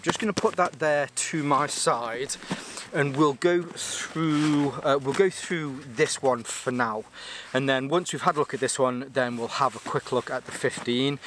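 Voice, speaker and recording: A man's voice: mid-range voice, a bit bright, slight background noise. A man casually reviewing gear on his channel, rambling and enthusiastic, joking and restarting sentences often.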